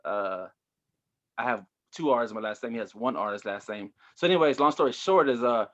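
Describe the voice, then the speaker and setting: A man's voice: mid-range voice, brisk, fairly bright tone, lo-fi sound. A man, a stand-up comedian, telling his story in a loose, rambling interview chat full of fillers. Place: Houston area.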